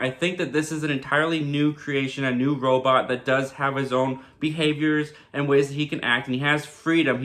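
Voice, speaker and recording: A man's voice: medium pitch, a bit bright. A man giving a casual TV episode recap in a chatty way, full of "like" and "kinda". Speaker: TV reviewer.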